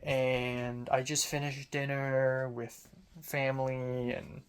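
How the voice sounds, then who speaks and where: A man doing a halting old woman with Cantonese-accented English. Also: mid-range voice, level tone, slight background noise, lightly acted. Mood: chatty. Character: elderly woman, frail, friendly, chatty.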